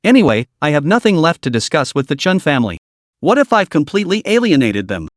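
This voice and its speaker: A man's voice: fairly high pitch, very animated, fast, no echo, clean studio sound. A man doing a sneering, cocky young man. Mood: sardonic. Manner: sneering, offhand.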